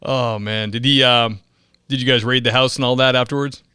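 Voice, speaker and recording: A man's voice: medium pitch, fairly even intonation, fairly quick, bright, forceful tone, clean tone, dry recording. A man hosting a casual interview, laughing easily and reacting to his guest. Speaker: podcast host.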